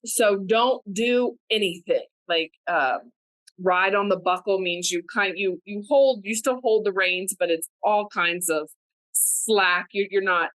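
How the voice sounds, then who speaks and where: Woman co-host, lively storyteller, casual, laughs easily, dry room. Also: mid-range voice, dry recording, low-quality recording. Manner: animated, laughing, many "like" fillers. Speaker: podcast co-host. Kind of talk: casual chat, personal storytelling.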